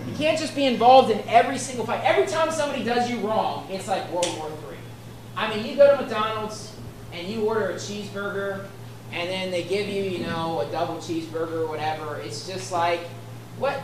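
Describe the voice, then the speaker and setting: In an echoey room with faint ambience and a crowd audible behind her, a woman with a medium-pitched, brisk voice delivers an expository sermon. She reads scripture aloud and unpacks it conversationally, repeatedly checking in with "right?"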